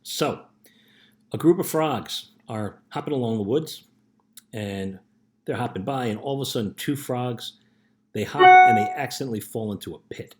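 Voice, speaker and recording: A man's voice: medium pitch, normal speed. Middle-aged guy coaching teens, earnest and chatty, keeps asking right?. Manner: storytelling, earnest, often asks "right?". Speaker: youth life coach. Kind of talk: casual motivational talk.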